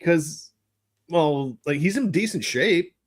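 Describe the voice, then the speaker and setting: Co-host, man, slightly high voice, backs up the main talker with short remarks. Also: animated, slow. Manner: short agreeing interjections, laughs along. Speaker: podcast co-host. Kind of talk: casual movie chat.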